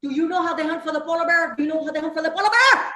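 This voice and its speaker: A woman's voice: extremely high pitch, rapid-fire, sharp tone, reverberant, poor audio. A woman playing a brassy, flirty Mrs. Claus with a voice, laughing through her lines at a live comedy roast. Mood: storytelling. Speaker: roast guest.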